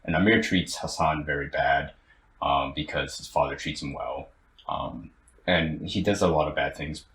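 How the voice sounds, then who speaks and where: Very deep-voiced young man retelling a story. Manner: animated, halting storyteller with many restarts. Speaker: podcast co-host. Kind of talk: casual chat. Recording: roomy, with faint ambient noise.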